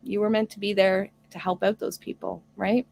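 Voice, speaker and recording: A woman hosting a homestead live stream, chatting earnestly and reading out viewer comments. Her voice has a gravelly, fried edge and sits at an ordinary middle pitch. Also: flat delivery, normal speed, a little mellow. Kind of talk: casual live stream chat.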